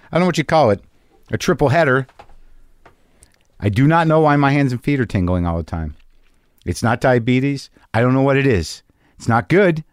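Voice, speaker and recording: A man's voice: mid-range voice, no room sound. A man hosting his own podcast in a rambling solo monologue, wry, self-deprecating and freely profane, speaking from a home garage studio. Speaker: podcast host.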